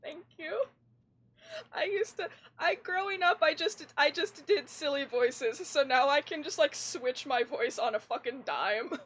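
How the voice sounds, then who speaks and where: Her voice high-pitched yet fairly androgynous, a young woman streams a game and talks to viewers at a measured pace through a desk mic. She's animated, rambling and quick to restart her sentences. The audio is poor.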